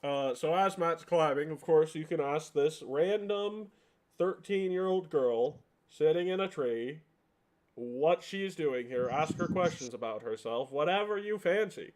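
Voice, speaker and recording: A man's voice: fairly high pitch, expressive, measured pace, darkish tone. A man narrating a tabletop game as game master, rambling with many fillers.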